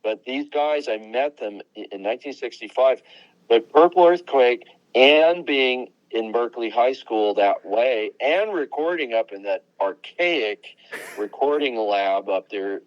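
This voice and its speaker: A man's voice: mid-range voice, lively intonation, unhurried, no echo. A man in his seventies, a musician being interviewed, telling rambling anecdotes in a casual chat. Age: 70s. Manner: rambling, anecdotal, name-dropping. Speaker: guest musician. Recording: dull lo-fi dry sound.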